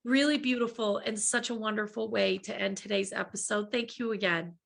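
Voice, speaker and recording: A woman's voice: mid-range voice, fairly even intonation, fairly quick, gravelly, a bit bright. A woman hosting a podcast interview, effusive and thankful, with many fillers. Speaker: podcast host.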